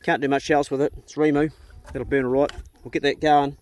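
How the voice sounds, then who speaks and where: This middle-aged vlogger, who has a New Zealand accent, records his farm chores outside on a handheld phone or camera, keeping the narration casual, blunt, and full of jokes. His voice is on the high side, level, brisk, and a little mellow, with slight background noise.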